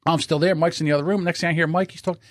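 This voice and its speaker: A man with a South Jersey accent hosting a podcast, telling a profane, animated story. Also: fairly high pitch, racing, dry recording, studio quality. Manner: animated, profane, acts out voices. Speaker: podcast host. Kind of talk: casual storytelling.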